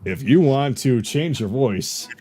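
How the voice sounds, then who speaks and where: A man's voice: mid-range voice, expressive, takes it slowly, mellow. A man narrating and playing characters as game master, teasing his players.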